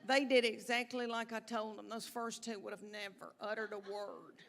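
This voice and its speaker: A woman's voice: on the high side, steady tone, normal speed, creaky. A middle-aged woman doing stand-up comedy, telling stories in a chatty drawl and acting out quotes. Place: stage before a live audience. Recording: live show with loud crowd. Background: audience laughter.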